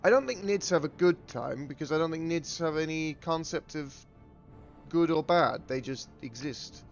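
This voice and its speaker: A man casts a live strategy-game tournament, mixing loose jokes into his play-by-play. His voice sits a little high, and the audio is dull, with game music running faintly underneath. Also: animated, moderate pace. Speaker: tournament caster.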